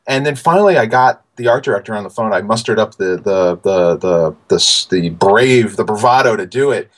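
Animated man in his forties telling stories. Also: lowish voice, moderate pace, few pauses. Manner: animated, many fillers and restarts. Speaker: guest. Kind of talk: casual interview storytelling.

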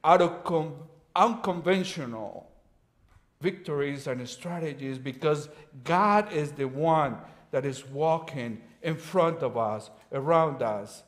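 Unhurried male preacher, casual storytelling. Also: fairly high pitch. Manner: retells scripture in casual modern phrasing, with chuckles. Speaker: guest preacher. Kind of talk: sermon.

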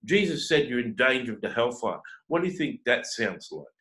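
A self-described prophet and teacher preaches a confrontational sermon, scolding listeners with piles of rhetorical questions and often repeating words at the start of sentences. His mid-range voice swings widely in pitch, a bit bright and a little fast, on a rough recording.

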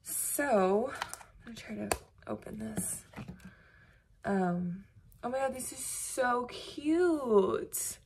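A woman's voice: a little high, lively intonation, drawn-out words, pauses often, darkish tone, a little hiss or hum. A woman, chatting casually to her phone camera at home in a bubbly, gushing way. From United States. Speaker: vlogger. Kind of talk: casual vlog chat. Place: home, indoors.

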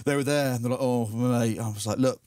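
Self-mocking comedian. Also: male voice, mid-range voice, steady tone, brisk, darkish tone, dry recording, studio quality, recorded from a distance. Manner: chatty, self-mocking, stammering restarts. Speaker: stand-up comedian. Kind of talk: stand-up comedy set. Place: live comedy venue with audience.

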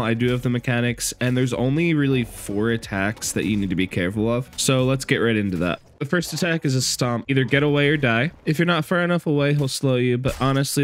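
A young man giving a relaxed, conversational voice-over guide to a video game boss fight. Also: medium pitch. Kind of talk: casual gameplay guide voice-over.

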